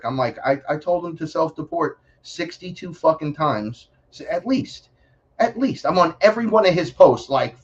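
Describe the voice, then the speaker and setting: A man's voice: a little high, moderate pace, breathy edge, highs cut off. Blunt, profane man from the Bronx with a New York accent. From New York City, the Bronx. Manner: blunt, profane, animated storytelling. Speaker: podcast guest. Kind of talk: casual podcast chat.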